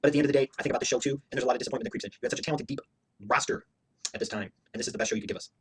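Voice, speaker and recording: A man's voice: mid-range voice, rapid-fire, slightly rough. A man giving a heated, profane, opinionated review rant as a wrestling show reviewer, hammering his points with emphatic repetition.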